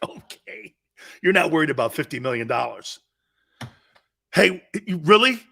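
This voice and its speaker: Loud, lively sports talk host. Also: male voice, fairly high pitch, measured pace, vocal fry. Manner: loud, sarcastic, shouts and laughs mid-rant. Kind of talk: sports talk radio rant.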